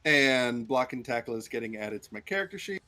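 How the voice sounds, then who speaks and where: A man with a lively voice that swings up and down, joking playfully with the others at a tabletop game session. Faint music can be heard under him. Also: mid-range voice, brisk. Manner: animated, playful.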